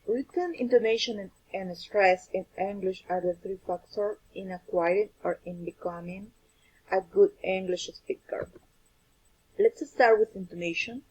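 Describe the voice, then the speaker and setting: Breathy woman reading a lesson. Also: mid-range voice, a little mellow, poor audio. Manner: careful, slightly halting delivery with self-corrections. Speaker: student presenter.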